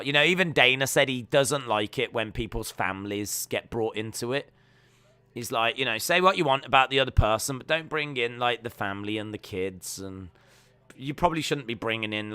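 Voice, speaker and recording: A man's voice: on the low side, pushed and bright, clear, resonant tone, dry recording. A young man hosting a live stream, chatting casually with his viewers and breaking down fights, often trailing off with fillers. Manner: chatty, reads out chat questions, trails off with fillers. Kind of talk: casual watch-along commentary.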